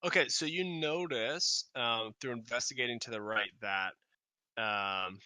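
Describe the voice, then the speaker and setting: A man running a tabletop game as game master, narrating in a rambling, halting way full of fillers and restarts, over an online call. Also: mid-range voice, sharp tone, no echo.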